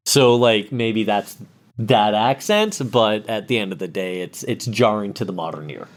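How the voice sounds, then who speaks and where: A man chats on a casual gaming podcast, explaining points with easy conviction. His voice sits a little low. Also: expressive, normal speed. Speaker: podcast co-host.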